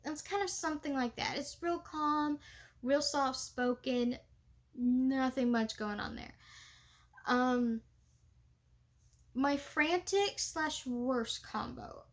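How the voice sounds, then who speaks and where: A woman's voice: high-pitched, slow pace, long pauses. A young woman reenactor talking in a casual, chatty way, with many fillers and laughs. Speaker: living history reenactor. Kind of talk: casual vlog talk.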